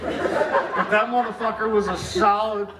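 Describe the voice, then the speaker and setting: A man's voice: sits high, steady tone, a little slow, very noisy. A man who has been drinking gives a rambling, profane eulogy for a friend, swearing constantly and chuckling through his stories. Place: memorial gathering.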